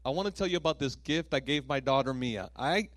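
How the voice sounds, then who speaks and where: A male pastor preaching a sermon with lively storytelling, acting out voices and laughing at himself. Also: medium pitch, brisk, dry recording.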